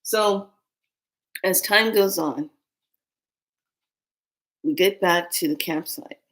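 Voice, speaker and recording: Lively woman storyteller, low-pitched. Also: takes it slowly. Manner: animated, acts out dialogue in other voices; drops to a hushed whisper for tense moments. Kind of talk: personal storytelling.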